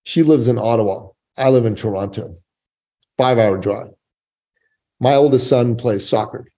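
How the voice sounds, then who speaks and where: A man telling a story as a guest in a podcast interview, animated and emphatic. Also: mid-range voice, moderate pace. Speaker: guest, business coach and author.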